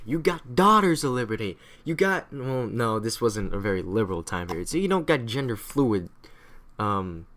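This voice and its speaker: A man giving a casual, irreverent history recap, swearing freely and rambling off on tangents. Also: mid-range voice. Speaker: history explainer.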